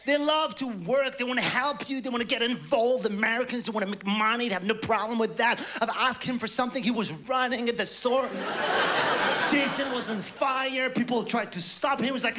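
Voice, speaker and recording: A man from France with a French accent, performing a stand-up comedy set with a halting, self-deprecating delivery and playful acted quotes. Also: very high-pitched, noisy background. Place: large theatre before a live audience. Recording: stage mic over loud audience laughter.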